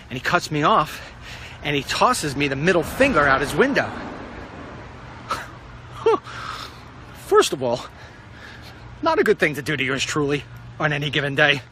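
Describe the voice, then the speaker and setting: A middle-aged man telling a rambling story in a casual vlog, wry and animated. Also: fairly high pitch, normal speed, long pauses, a little hiss or hum. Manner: wry, animated, puts on silly voices for quotes. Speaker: vlogger.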